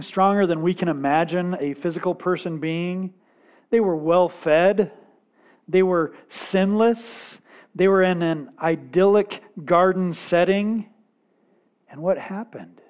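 A man preaching a sermon in an earnest, measured way, with dramatic pauses and quiet emphasis. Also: sits high. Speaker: pastor.

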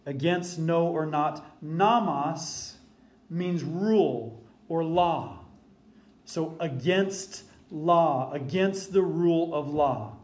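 Middle-aged male pastor, slightly high voice, emphatic sermon delivery, roomy echo. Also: slow pace, a little mellow. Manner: emphatic preaching, rising for scripture quotes.

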